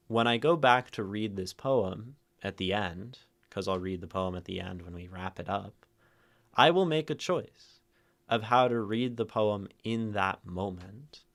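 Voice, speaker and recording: A man hosting a poetry livestream, thinking out loud to chat, shifting word stress and checking in with "right?". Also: fairly low pitch. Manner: thoughtful, tags phrases with "right?"; plays with stress, rereading lines different ways. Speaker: streamer hosting a poetry reading. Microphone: streaming mic and camera.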